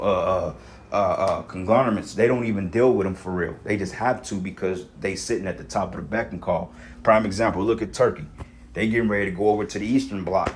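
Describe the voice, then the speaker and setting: A man with a fairly low voice rants casually on religion and society. He talks in a blunt, profane, rambling way and leans heavily on slang. Faint noise sits behind him. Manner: street slang, frequent "you know what I'm saying". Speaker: religious vlogger.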